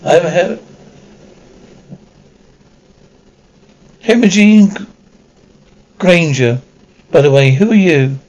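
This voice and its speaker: A man voicing a bossy, fast-talking schoolgirl witch in an audiobook reading, a little raised in pitch. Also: lively intonation, vocal fry, darkish tone, poor audio.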